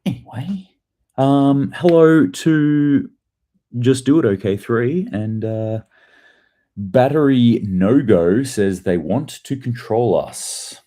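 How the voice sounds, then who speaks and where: A man's voice: mid-range voice, slow pace, dark tone. A man giving casual, profane news commentary on a livestream, breaking into sarcastic rants and reading chat messages. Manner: profane, ranting, sarcastic asides. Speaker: host of a daily news commentary show.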